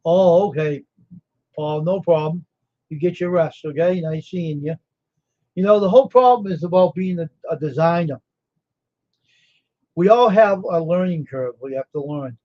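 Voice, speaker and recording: A man hosting a casual livestream, tired and yawning but sure of himself. His voice sits a little high, and he rambles as he talks to viewers by name. The audio is dull and lo-fi. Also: moderate pace, pauses often. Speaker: livestream host, screen printer.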